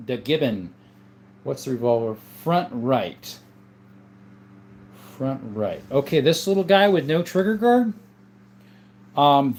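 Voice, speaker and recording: A man with an ordinary mid-range voice hosts a relaxed livestream and chats his way through viewer comments. His talk is loose and unhurried, full of small thank-yous. A faint noise sits under the recording. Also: mid-range voice. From Southern Arizona. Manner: relaxed, reads viewer comments aloud and answers them. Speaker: livestream host. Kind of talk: casual livestream chat.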